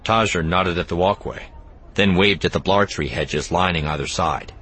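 A man narrating an audiobook in an expressive, even storytelling manner. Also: sits low, moderate pace, slightly rough. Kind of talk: scripted narration.

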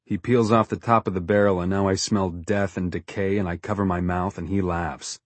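A man narrates a first-person story in a low, husky voice, with a wry edge to his delivery. The sound is close and dry, without room echo. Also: steady tone, normal speed. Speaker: audiobook narrator.

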